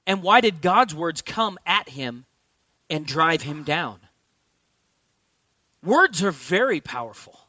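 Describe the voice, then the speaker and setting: Male preacher, high bright voice, emphatic sermon delivery with rhetorical questions, dry close sound. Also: sing-song, slow, pauses often, no echo. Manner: repeats key lines for emphasis.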